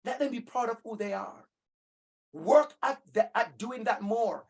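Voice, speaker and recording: A man's voice: very high voice, measured pace, husky. A man presenting a community talk to parents and caregivers, speaking in an encouraging, conversational way as he lists tips.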